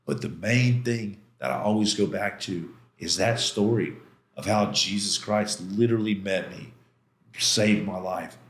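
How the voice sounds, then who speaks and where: Animated storytelling man in a roomy studio. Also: lowish voice, measured pace. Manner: animated, acts out quoted voices, frequent "man". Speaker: podcast guest. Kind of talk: casual storytelling interview.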